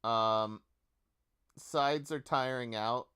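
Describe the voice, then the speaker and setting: A man as game master narrating a tabletop game in an unhurried way, with fillers. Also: medium pitch, sharp tone, clear, resonant tone.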